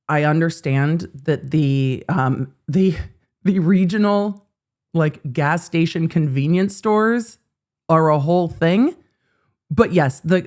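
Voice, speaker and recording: A middle-aged woman hosting a casual livestream of legal commentary. She chats with her viewers, swears freely and breaks into animated asides. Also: low-pitched. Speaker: host.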